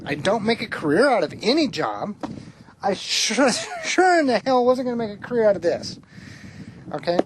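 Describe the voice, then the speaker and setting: A woman talking candidly to the camera outdoors at an oil well site, chatty and rambling, quick to laugh. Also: mid-range voice, big pitch swings. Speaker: vlogger. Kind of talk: candid personal vlog. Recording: noisy outdoor recording.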